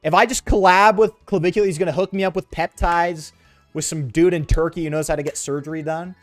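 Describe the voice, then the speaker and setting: A man's voice: fairly high pitch, fairly even intonation, fairly quick, no echo, soft background music. A young man streaming a game, rambling sarcastically with his chat in slangy, offhand talk. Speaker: gaming streamer. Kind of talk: casual let's-play commentary with chat.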